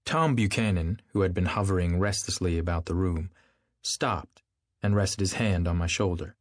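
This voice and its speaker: A man narrating a classic novel as an audiobook in a measured, even manner. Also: sits low, dry recording, clean studio sound. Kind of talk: scripted literary narration.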